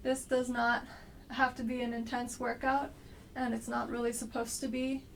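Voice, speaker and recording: A woman with a slight cold guiding an exercise class, giving gentle, unhurried cues with frequent pauses. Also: on the high side, little pitch movement, gravelly, recorded from a distance, slight background noise. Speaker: movement instructor.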